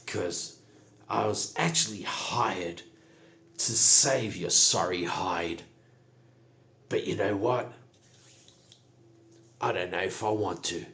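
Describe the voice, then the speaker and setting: A man's voice: low-pitched, slow, long pauses, fairly bright tone, full character voice. A man doing a curt, menacing goblin rogue woman. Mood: threatening. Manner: curt, threatening. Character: cunning, contemptuous female goblin rogue. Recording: echoey room.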